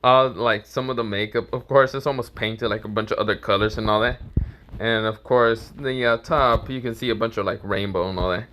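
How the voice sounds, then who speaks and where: A man's voice: fairly low pitch, steady tone, a little fast, sharp tone. A man casually telling a fan-made story, rambling, searching for words and laughing at his own jokes.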